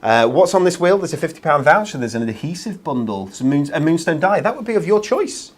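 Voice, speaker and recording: A man's voice: a little high, very animated, brisk. A man hosting a live craft shopping show, chatty and self-deprecating, with plenty of ums. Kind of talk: live shopping-channel presenting.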